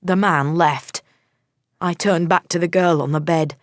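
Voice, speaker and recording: A woman narrating a first-person audiobook in a measured, steady storytelling manner. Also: lowish voice, no room sound, studio quality.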